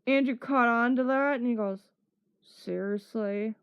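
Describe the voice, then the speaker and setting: A woman's voice: a little high, fairly even intonation, brisk, clear, resonant tone. A woman streamer telling a casual story, acting out what people said with laughs between lines. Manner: acts out quotes with laughs. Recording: dull lo-fi stream audio.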